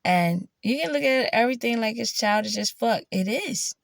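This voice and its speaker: A woman vlogger telling a profane, animated story in casual monologue and often quoting herself. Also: on the high side, moderate pace, creaky.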